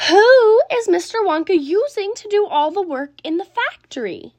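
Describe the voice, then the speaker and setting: A woman's voice: very high voice, sing-song, a little slow, fairly bright tone, dry recording, voice pushed up, full character voice. A woman voicing a curious young boy who keeps asking eager questions in a storybook reading. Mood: eager questioning.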